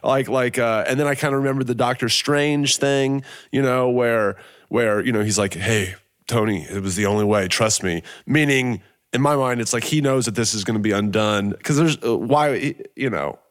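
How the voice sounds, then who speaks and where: A man's voice: mid-range voice, moderate pace, smooth. A man talking casually about films as a guest, rambling through his thoughts and swearing now and then. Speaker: panel guest. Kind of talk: casual movie discussion.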